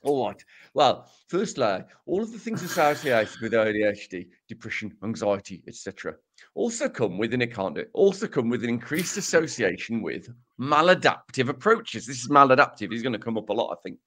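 Lively, self-mocking male podcast host. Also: mid-range voice, brisk. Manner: dry self-mocking humor, lively delivery. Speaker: podcast co-host presenting research. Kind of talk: casual podcast explainer.

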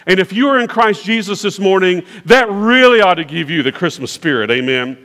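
High-voiced preacher, emphatic. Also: male voice, expressive, a little fast, few pauses, fairly bright tone. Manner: emphatic, repetitive preaching cadence. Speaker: pastor. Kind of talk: sermon. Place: large church sanctuary. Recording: long church reverb.

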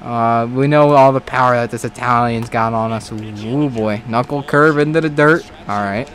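A man giving casual let's-play commentary on a baseball video game, excitable, swearing and talking back to the game. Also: mid-range voice, moderate pace. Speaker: gaming commentator.

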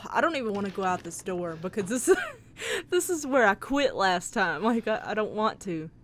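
A woman's voice: medium pitch, sing-song, moderate pace, a little hiss or hum. A young woman playing a horror game on her channel, talking casually, jittery and frightened, laughing nervously between lines. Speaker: let's play gamer.

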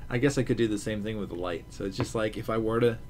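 A man with a lowish voice chats casually as a podcast co-host, trailing off and restarting his sentences. A faint rumble hums behind him. He sounds like he is in his thirties. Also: fairly quick, a little mellow. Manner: rambling, hesitant restarts, chuckling.

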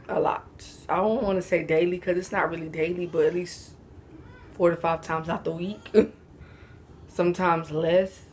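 A woman's voice: lowish voice, a little hiss or hum. Sleepy, laid-back young woman vlogging. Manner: laid-back, slangy, giggly. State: sleepy, yawning. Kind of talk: casual Q&A chat to camera.

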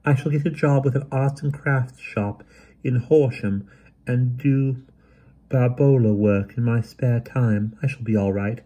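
A man's voice: mid-range voice, a little slow, warm tone, voice pushed up, close to an everyday voice. A man voicing a shy, dreamy young woman who talks hesitantly and stammers. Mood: timid.

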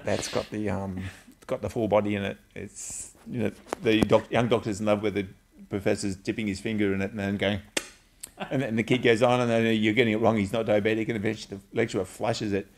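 Gravelly rambling man. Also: lowish voice, a little hiss or hum. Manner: rambling, swears freely, tells bawdy anecdotes. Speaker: drinks reviewer and interviewer. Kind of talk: casual chat.

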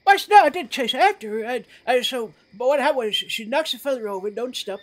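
A woman playing a blunt, stubborn frontier woman in a western role-play game, rambling in rough, ungrammatical talk as a witness. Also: fairly high pitch, animated, a little fast. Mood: indignant.

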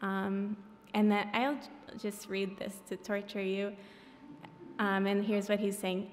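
A woman's voice: mid-range voice, flat delivery, slow pace. A woman reading her own graphic novel at a public event, breaking off for wry, self-deprecating asides. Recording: echoey hall.

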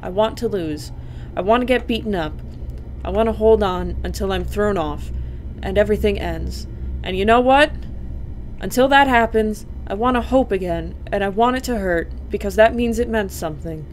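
A woman voicing a weary, sardonic young female cat from a storybook-style game, reading her inner monologue slowly and in a hushed way. A faint hiss sits under the recording. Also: mid-range voice, lightly acted. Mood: brooding.

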